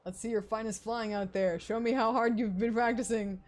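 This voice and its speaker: A woman reading out the lines of a formal male instructor at a knight academy, in her own voice and a little quieter than her usual talk. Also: a little high, steady tone, moderate pace, lightly acted. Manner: read out plainly, a bit quiet. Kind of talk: reading game dialogue aloud. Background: game music.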